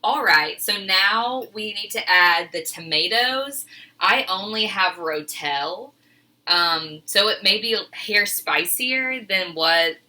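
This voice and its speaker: A woman's voice: lowish voice, pushed and bright. A woman teacher talking casually through a home cooking demonstration in her kitchen, chatty and a bit flustered, poking fun at herself. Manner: chatty, self-deprecating, flustered. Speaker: teacher filming a cooking video.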